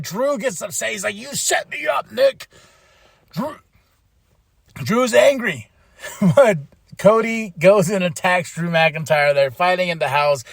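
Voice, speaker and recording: A man hosting a podcast, recapping a wrestling show in a casual, animated way, laughing and acting out quotes. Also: high voice, no echo, clean studio sound. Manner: animated, laughs often, quotes others in voices. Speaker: podcast host.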